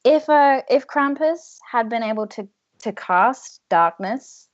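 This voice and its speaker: Woman putting on a sly glam sorceress lady from a tabletop game, smooth n teasing, slow drawl, dull dry lo-fi sound. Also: on the high side, animated, no room sound. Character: sly glamorous woman with magic cane.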